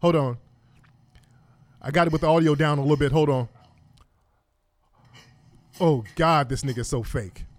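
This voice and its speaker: A man's voice: on the high side, normal speed, pauses often. A man giving indignant, profane, mocking commentary while reacting to court video. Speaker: online commentator.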